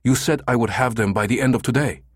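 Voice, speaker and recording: A man voicing an impatient, imperious businessman who makes sharp, hissing demands in an audiobook. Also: mid-range voice, fast, dry recording, clean studio sound, voice pushed up, close to an everyday voice. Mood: demanding. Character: middle-aged Japanese businessman, impatient, imperious.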